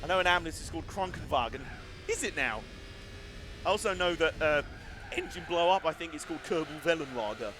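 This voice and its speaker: A man's voice: on the high side, lively intonation, a little fast, background noise. A man chatting casually and self-deprecatingly as he live-streams a racing game, wandering into side stories.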